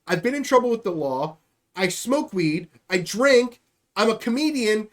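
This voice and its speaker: A man's voice: sits high, lively intonation, unhurried. A male comedian hosting a live-streamed podcast, ranting heatedly and swearing freely.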